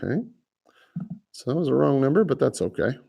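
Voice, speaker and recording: A man with a lower voice, a real estate agent hosting a live prospecting podcast, talking in a casual, folksy, rambling way with restarts. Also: expressive, fairly quick, gravelly, warm tone, husky. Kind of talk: live phone prospecting session with coaching asides.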